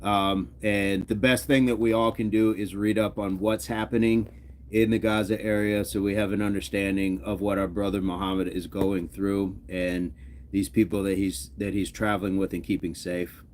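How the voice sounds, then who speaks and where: A man's voice: on the low side, flat delivery, moderate pace, a little hiss or hum. A man hosting a fitness livestream, casually reading viewers' comments aloud and chatting back with an easygoing, laughing manner.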